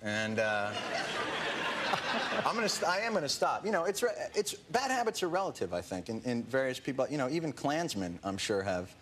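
A man guesting on a talk show, joking in a deadpan, halting way with lots of fillers. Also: mid-range voice, some chatter behind. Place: TV studio with audience. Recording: loud studio audience noise in broadcast clip.

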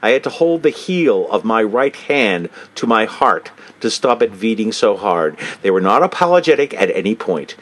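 A man's voice: fairly low pitch, sing-song, normal speed, few pauses, fairly bright tone. A man hosting a comedic commentary, mocking and swearing casually while reading a statement aloud. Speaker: host.

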